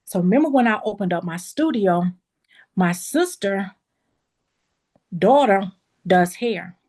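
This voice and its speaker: A woman who owns a beauty school tells a personal story in a lively, casual way, talking straight to her listeners and acting out what people said. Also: medium pitch, slow. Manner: lively, acts out quoted dialogue in a raised voice; casual, addresses listeners as y'all.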